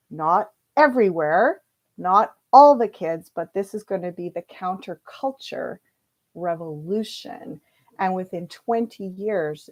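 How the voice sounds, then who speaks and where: Slow, low-pitched woman reading tarot cards. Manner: chatty and animated, laughs often, quotes people in voices. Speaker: tarot reader.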